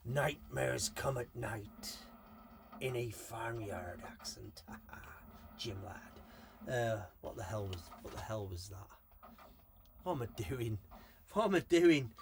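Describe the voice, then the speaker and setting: A man's voice: mid-range voice, fairly bright tone, a little hiss or hum. Rambling, enthusiastic man. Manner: enthusiastic, rambling, swears freely. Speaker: collector showing his purchases. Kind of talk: casual video chat.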